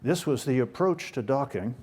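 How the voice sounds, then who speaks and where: An older American guest speaker, his voice mid-range, husky, a little mellow, and expressive, tells stories at a moderate pace. He uses folksy, self-deprecating humor.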